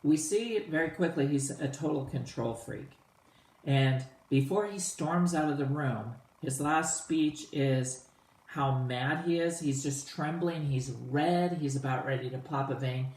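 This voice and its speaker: A man teaching a play to students in a casual, animated way, retelling the old lines in everyday slang. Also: a little high, a little slow, roomy sound, poor audio.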